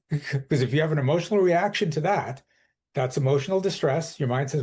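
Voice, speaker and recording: A man with a dark, husky voice talks as a coach on a podcast. He explains firmly and with conviction, often voicing what people tell themselves. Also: a little high, fairly quick. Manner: emphatic, explains with quoted inner dialogue. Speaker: transformational coach, podcast guest. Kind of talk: conversational podcast interview.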